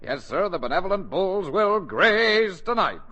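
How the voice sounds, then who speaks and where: A man's voice: high-pitched, sing-song, measured pace, sharp tone, faint music behind, full character voice. An actor playing a cheerful, pompous middle-aged father in 1940s radio acting, sometimes chanting. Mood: jolly. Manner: jolly, sings and moos in a mock-solemn chant. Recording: dull, muffled old radio recording.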